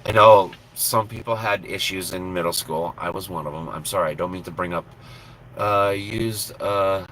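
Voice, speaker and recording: A man from Minnesota talks from inside his truck, with faint road ambience around him. His voice has a bright, sharp edge shows through. He chats in a blunt, profane, self-deprecating way. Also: deep voice, normal speed, slight background noise, rough recording. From Minnesota, USA. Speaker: trucker live-streamer. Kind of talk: casual live-stream chat.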